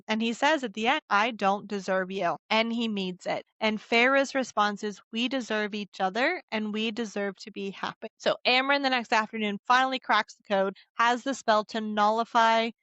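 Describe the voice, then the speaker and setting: A woman's voice: on the high side, normal speed, hardly any pauses, a bit bright, dry recording, highs cut off. A woman hosting a podcast, recapping a book chapter in casual chat and musing aloud with open questions. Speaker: podcast host.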